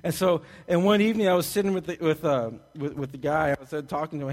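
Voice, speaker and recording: A man from Texas preaching a sermon, telling jokes and stories with big swings between loud and soft. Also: a little high, fast, hardly any pauses. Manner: animated, joking storyteller who swings loud and soft. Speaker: pastor. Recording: long hall reverb.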